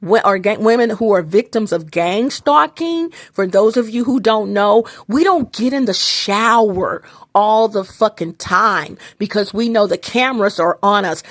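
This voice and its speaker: Female vlogger, talks to her phone, restless and rambling, cusses freely; medium pitch, dry sound. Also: unhurried, few pauses, dry recording. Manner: loose, emphatic and profane, with many restarts and asides. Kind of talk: rambling casual monologue.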